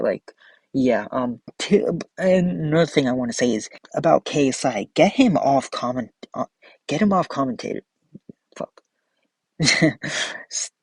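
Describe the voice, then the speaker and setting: Young male host, blunt casual reaction rant, husky voice, dry close sound. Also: mid-range voice, a little mellow, dry recording, low-quality recording. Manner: blunt, ranting, filler-heavy with frequent "like". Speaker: MMA reaction channel host.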